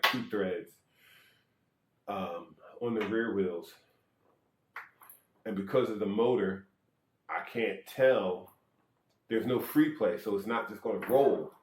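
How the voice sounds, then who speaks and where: A man with a fairly low voice talks through a hands-on skateboard check in a loose, joking way, counting under his breath and fixing his own slips. The room around him rings with echo. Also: slight background noise. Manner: rambling, self-correcting, joking asides. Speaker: electric skateboard vlogger. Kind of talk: casual how-to demonstration.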